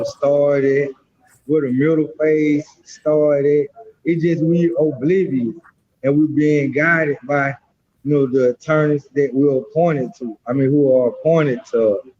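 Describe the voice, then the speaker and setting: A man talking as a guest by phone, halting and rambling with many fillers. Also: a little high, a little mellow. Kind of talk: casual talk on a phone line. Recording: dull lo-fi phone call.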